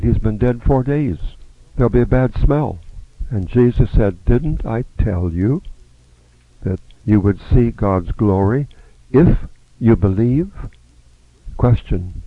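A man's voice: mid-range voice, slow, no echo. A man teaching a Bible study lesson, reading scripture aloud and acting out the speakers' lines. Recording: dry, narrow phone-like sound.

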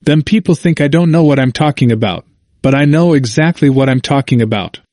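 A man's voice: mid-range voice, normal speed, darkish tone, no room sound, clean studio sound, lightly acted. A man voicing a confused, frightened old man. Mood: emphatic. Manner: emphatic, repetitive, plain-spoken dialect. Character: confused, frightened older man, pleading and defiant.

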